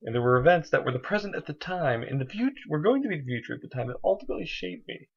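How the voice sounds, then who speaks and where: A man's voice: on the high side, big pitch swings, very fast, creaky, slightly rough. A young man talking to camera in a casual video diary, earnest and rambling, with lots of fillers. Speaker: vlogger. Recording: slightly dull lo-fi sound.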